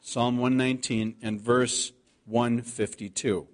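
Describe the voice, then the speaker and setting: A man preaching a sermon, reading scripture aloud and slowing down to stress the key words. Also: medium pitch, steady tone. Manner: earnest preaching, slows to stress scripture quotes. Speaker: pastor.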